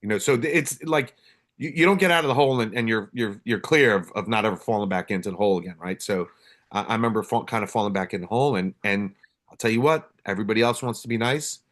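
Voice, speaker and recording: A man's voice: on the low side, quick pace, a bit bright. A man, a police officer hosting a podcast, telling stories candidly in casual conversation and swearing now and then.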